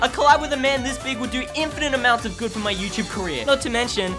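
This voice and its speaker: A young man in his late teens narrating a comedic storytime as a YouTube animator, sarcastic and animated, jumping from mock-dramatic shouts to low mumbled asides. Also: fast talker. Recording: background music under voice.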